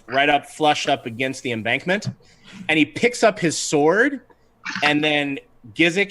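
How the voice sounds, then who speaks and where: A man's voice: a little high, fairly bright tone, slight background noise. A man acting as game master, narrating a tabletop game on a livestream in an easygoing, chatty way with frequent ums.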